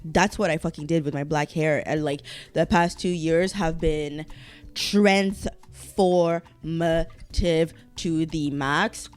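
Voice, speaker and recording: A woman with a fairly low voice talks casually on her solo podcast, wandering from thought to thought. She swears freely and often trails off and restarts her sentences. Faint music plays softly behind her. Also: fairly even intonation, takes it slowly, clean tone. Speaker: podcast host.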